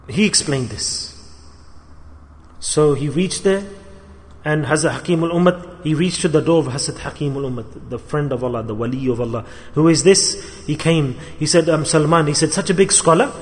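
Man, high voice, impassioned sermon, echoing hall. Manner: impassioned, rises and falls in emphasis, quotes figures in his own voice. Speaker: preacher. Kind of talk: sermon storytelling. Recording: hall reverb.

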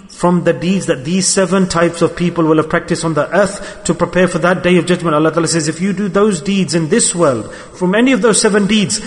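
A man with a high-pitched voice delivers an impassioned sermon at a mosque gathering. He circles back to his points again and again, pressing his listeners with rhetorical questions. His words trail off into the long echo of a large hall. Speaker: preacher.

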